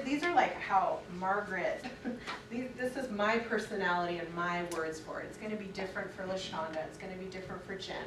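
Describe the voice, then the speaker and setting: Lively woman trainer in an echoey room. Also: medium pitch. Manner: lively, laughs often, acts out quotes. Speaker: parent trainer. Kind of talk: training session talk. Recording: echoey room from far off, noisy.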